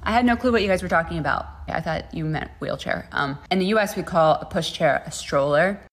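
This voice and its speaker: A woman's voice: lowish voice, a little fast. A woman with an American accent talking to camera in a playful, chatty vlog. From United States. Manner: playful and chatty, laughing between points. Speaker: vlogger. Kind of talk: casual vlog chat.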